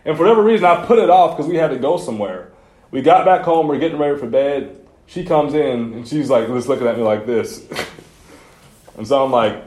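A man's voice: mid-range voice, expressive, brisk, a little mellow. A man preaching to a youth group, casual and conversational, telling personal stories with slangy asides. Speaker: youth pastor. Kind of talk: sermon. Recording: echoey room.

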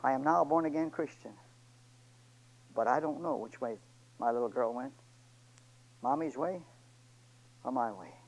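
A man preaching a sermon and retelling a story, pleading with his church and swinging between loud and hushed delivery. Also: medium pitch, moderate pace, gravelly, long pauses, low-quality recording.

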